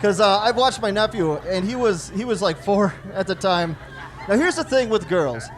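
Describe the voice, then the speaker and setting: A man's voice: sits high, expressive, moderate pace, some chatter behind, a little hiss or hum. A man in his forties doing stand-up, telling self-deprecating stories about his daughters and acting out their dialogue. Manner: storytelling with self-deprecating jokes, acts out family dialogue. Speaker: stand-up comedian. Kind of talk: stand-up comedy.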